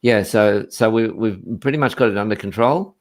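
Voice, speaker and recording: Casting note: deeper-voiced guy in middle age, loose and talkative, speaking over a video call. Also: moderate pace. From Australia. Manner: chatty, rambling with restarts, laughs easily. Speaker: guest, coach. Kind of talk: casual chat on a live stream.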